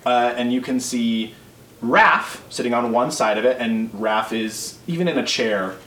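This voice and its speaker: A man's voice: mid-range voice, a little slow, a bit bright. A man narrating as game master in a casual, rambling way, full of fillers and restarts. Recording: roomy, distant mic with faint noise.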